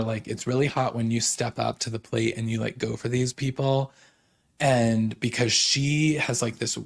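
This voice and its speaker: In a medium-pitched voice with vocal fry, a young man recaps reality TV on his podcast, gossiping and paraphrasing others in quick bursts. Fillers like "like" and "you know" come up constantly.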